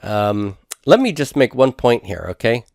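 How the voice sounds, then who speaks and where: A man teaching a recorded lesson in a methodical way, repeating each word slowly for his students. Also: medium pitch, sing-song, creaky, darkish tone, dry recording, clean studio sound. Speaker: Hebrew instructor. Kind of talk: recorded lecture over handouts.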